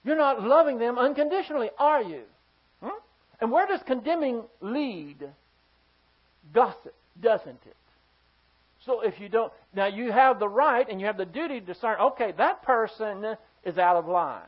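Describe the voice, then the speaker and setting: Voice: mid-range voice, animated, moderate pace, husky. A pastor giving a sermon to a congregation, emphatic and firing rhetorical questions at the listeners. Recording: slightly dull lo-fi sound.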